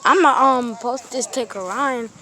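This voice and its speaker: A woman's voice: fairly high pitch, unhurried, low-quality recording. A young woman casually chatting while filming a walk through a park on her phone, pointing things out as she goes. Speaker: vlogger filming a nature walk. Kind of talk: casual chat while walking. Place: outdoor park with a pond. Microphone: phone held while walking. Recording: loud outdoor noise on a phone recording.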